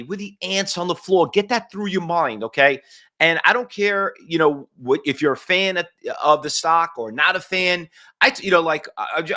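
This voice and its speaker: A man with a New York accent hosting a live day-trading morning stream, chatty and excitable, his voice leaping up when he gets fired up. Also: fairly high pitch. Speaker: day trading show host. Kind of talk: live-streamed market commentary.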